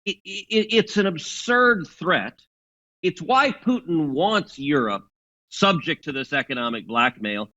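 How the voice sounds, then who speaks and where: A man's voice: a little high, expressive, takes it slowly, sharp tone, muffled recording. A man giving assertive political commentary, arguing his point and repeating words as he starts sentences.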